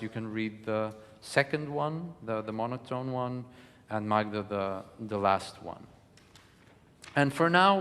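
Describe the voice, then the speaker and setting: A man's voice: mid-range voice, fairly bright tone. A man giving a live lecture, hesitant and full of fillers and restarts. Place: concert hall. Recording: long reverb of a hall.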